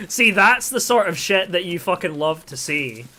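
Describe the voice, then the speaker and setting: A man's voice: high-pitched, animated, slow, pushed and bright. A young man from the UK chatting casually and rambling, with lots of fillers and swearing, while streaming a game. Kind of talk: casual storytelling while gaming.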